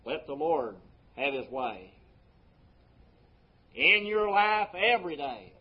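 A man pastor preaching a sermon, his voice swelling on key words and dropping low between them. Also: sing-song, slow pace, muffled recording. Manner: preaching with sweeping rises and drops in loudness.

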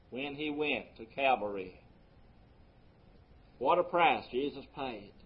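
A man pastor preaching a sermon, his voice swelling on key words and dropping low between them. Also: sing-song, unhurried, long pauses, muffled recording. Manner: preaching with sweeping rises and drops in loudness.

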